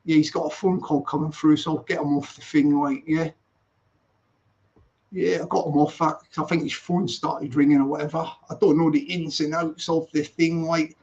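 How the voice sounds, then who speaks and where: A man's voice: a little high, moderate pace, vocal fry, darkish tone. A Scottish man hosting a casual live stream, upbeat and chatty, repeating his greetings. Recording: dull lo-fi sound.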